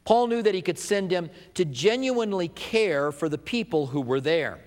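A man's voice: high-pitched, expressive, normal speed, darkish tone, in a large hall. A man preaching a sermon as pastor, with an emphatic, repetitive cadence.

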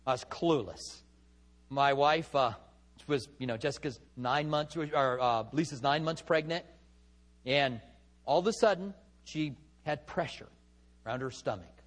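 A middle-aged pastor preaching a sermon in a conversational way, mixing scripture with humorous personal stories. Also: male voice, fairly high pitch.

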